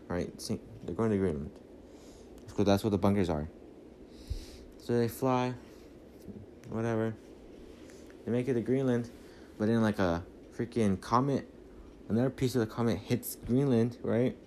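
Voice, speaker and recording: A man's voice: fairly low pitch, mellow, a little hiss or hum. A man rambling through a casual movie recap on a phone mic, full of fillers and restarts. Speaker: podcast host.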